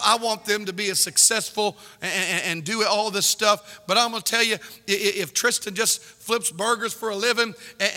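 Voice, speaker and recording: A male pastor preaching a fervent sermon in a church, climbing into shouts and repeating words as he presses his points. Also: sits high, in a large hall. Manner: repeats words when excited. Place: church sanctuary.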